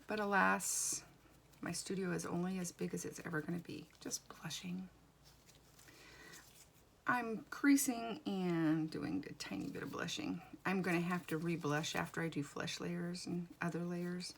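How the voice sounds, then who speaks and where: Woman, low and gravelly, rambling wry chatter while working, home studio. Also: fairly even intonation, normal speed, a little hiss or hum. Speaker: doll artist. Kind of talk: casual chat while working.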